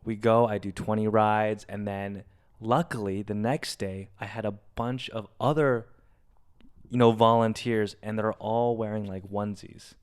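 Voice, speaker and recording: Young guy on a podcast telling a long story, smooth clear voice, does the voices of people in it. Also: lowish voice, measured pace. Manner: animated storyteller acting out quotes. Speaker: podcast co-host. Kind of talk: casual storytelling.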